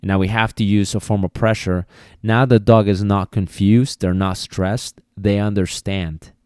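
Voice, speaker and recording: A man's voice: lowish voice, level tone, unhurried, a little mellow, smooth, no room sound, clean studio sound. A man hosting a podcast, explaining dog training in a casual, repetitive way and sometimes acting out commands. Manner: explanatory, repeats himself, acts out commands. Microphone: podcast mic.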